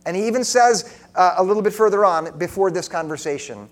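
A man delivering a sermon with an earnest, direct manner. His voice sits a little high for a man. He questions his listeners often and slips into soft, intimate tones to drive points home. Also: brisk. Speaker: preacher.

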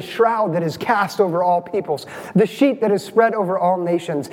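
High-voiced preacher in a reverberant hall. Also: male voice, normal speed, hardly any pauses, darkish tone. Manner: engaging, asks the congregation questions. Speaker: pastor. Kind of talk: sermon.

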